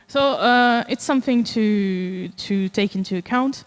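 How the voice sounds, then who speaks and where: A woman's voice: mid-range voice, a little slow, hardly any pauses, smooth. A woman with a French accent giving a conference talk in a casual, joking way with many fillers. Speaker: conference speaker. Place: conference hall. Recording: long reverb of a conference hall.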